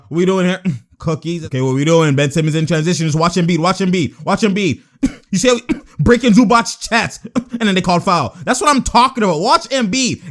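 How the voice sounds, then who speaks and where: A man hosting a live reaction commentary on basketball footage, excitable and casual with lots of slang, laughing often and yelling at referee calls. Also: high voice. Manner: casual slang-heavy talk. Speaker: sports reaction video host.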